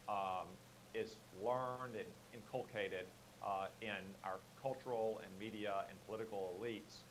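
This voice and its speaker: A lower-pitched man makes his case as a political guest on a radio show, steady and argumentative, often pausing on "uh" and "um." A faint hiss sits under his voice on the line. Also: low-quality recording. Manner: measured, argumentative, with frequent fillers. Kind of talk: radio interview.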